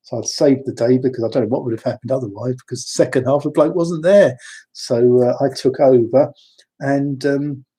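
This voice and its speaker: A man's voice: mid-range voice, normal speed, warm tone, husky. A man from London, chatting through wandering personal stories with frequent restarts. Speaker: storyteller. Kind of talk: rambling personal anecdotes.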